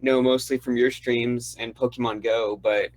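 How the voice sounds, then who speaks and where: A man's voice: medium pitch, little pitch movement, normal speed, darkish tone, no room sound, poor audio. A man calling in to a live stream with casual, curious and somewhat hesitant questions. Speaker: caller.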